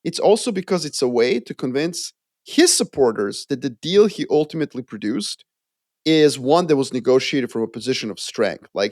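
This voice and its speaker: Man, podcast co-host, casual chat, animated, mid pitch, dry close sound. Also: brisk, no room sound. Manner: animated, acts out quoted voices.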